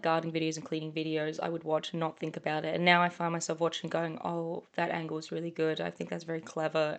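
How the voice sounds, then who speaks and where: Young woman, kinda english kinda aussie accent, rambly vlog voiceover, lowish voice with some fry. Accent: mixed English and Australian. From Australia. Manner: chatty and rambling, self-deprecating. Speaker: vlogger. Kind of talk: casual voice-over narration.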